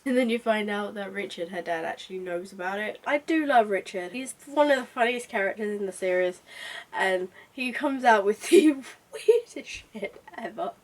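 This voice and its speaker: A young woman giving a casual book review, chatty and excitable with lots of asides. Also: mid-range voice, normal speed. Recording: voice a bit far from mic.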